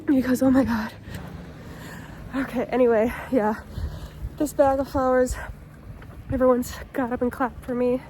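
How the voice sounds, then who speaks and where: A high-voiced woman in her late twenties talks into a phone held at arm's length, sick and stuffy behind a mask. She gushes with repeated exclamations, overwhelmed and close to tears. Background noise hisses under her voice outdoors at night. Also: level tone, measured pace, long pauses, dark tone. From Chicago, USA. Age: late 20s. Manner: emotional, gushing, repeated exclamations. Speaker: vlogger, departing English teacher. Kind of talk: handheld vlog talking to camera. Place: school grounds at night, partly outdoors.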